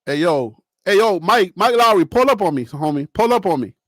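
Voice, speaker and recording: A man hosting a sports talk channel, talking straight to his viewers and chat in a lively, animated way and laughing often. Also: sits high, brisk, no echo, studio quality. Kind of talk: casual live-stream commentary.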